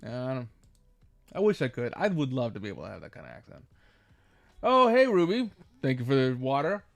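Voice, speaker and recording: A man streaming a game live, chatting casually and thinking aloud with many halting restarts. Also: medium pitch, sing-song, creaky, a little mellow, no room sound, soft background music.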